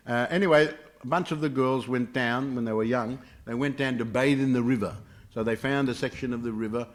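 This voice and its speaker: Storytelling male teacher of a morning class. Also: medium pitch. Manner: storytelling, many hesitations. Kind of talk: scripture class with told stories. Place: temple class room.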